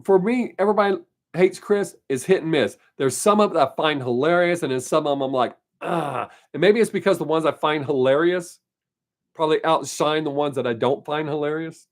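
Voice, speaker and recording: A man's voice: on the high side, darkish tone. A man hosting his weekly live stream, chatting casually and answering viewer comments in a rambling, opinionated way. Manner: rambling, opinionated, laughs often.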